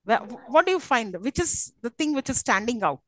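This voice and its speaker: This university English lecturer sounds a little high, very animated and a bit bright as she moves briskly through a live lesson. She explains things patiently, with plenty of fillers and questions for her students. The recording is low quality and has no room sound.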